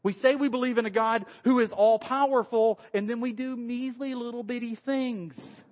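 Joking pastor preaching casually. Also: male voice, extremely high pitch, steady tone, moderate pace, darkish tone. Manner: conversational, joking, acts out quoted voices. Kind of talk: casual sermon with slides. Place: church.

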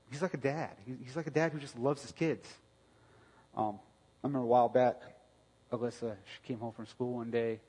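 A middle-aged man preaching a conversational sermon, telling a family story with restarts and sudden loud bursts. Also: medium pitch, breathy edge. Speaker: pastor. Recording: long reverb of a hall.

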